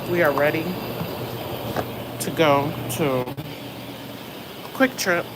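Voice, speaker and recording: A woman live-streaming from a laundromat on her phone, giving a nosy, gossipy running commentary and often dropping to a hushed voice. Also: low voice, extremely slow, background noise. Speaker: vlogger.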